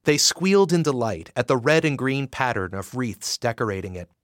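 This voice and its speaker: Male audiobook narrator, expressive, animated pitch, dry close sound. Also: no room sound. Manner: expressive, measured storytelling.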